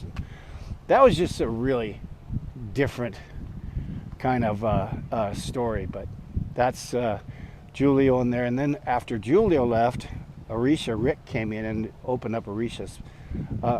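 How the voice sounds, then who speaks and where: An older man in his sixties tells a long, loose story outdoors. He talks in a relaxed way full of ums and restarts, and chuckles now and then. There is clear background noise from outside around his voice. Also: mid-range voice. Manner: rambling, chuckling, with frequent fillers and restarts. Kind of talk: casual spoken storytelling.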